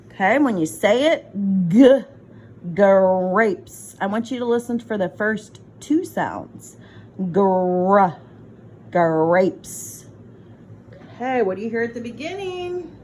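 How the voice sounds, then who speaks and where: A woman teacher leading a phonics lesson on her phone, sounding out words slowly and patiently. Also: a little high, a little hiss or hum, low-quality recording. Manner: slow, patient, encouraging sounding-out. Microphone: phone, set down and picked up.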